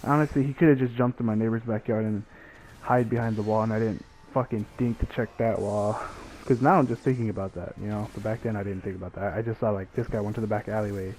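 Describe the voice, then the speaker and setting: A man's voice: on the low side, quick pace, slight background noise, low-quality recording. Profane young man telling a story. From Mexican family. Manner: profane, animated retelling with acted quotes. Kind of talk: casual storytime monologue.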